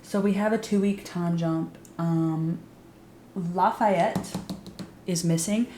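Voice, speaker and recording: A woman's voice: lowish voice, fairly even intonation, takes it slowly, roomy sound, music in the background. A woman giving a casual, sarcastic recap of a TV show, swearing freely and saying "like" a lot. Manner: sarcastic, profane, frequent "like" fillers. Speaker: YouTube recap host.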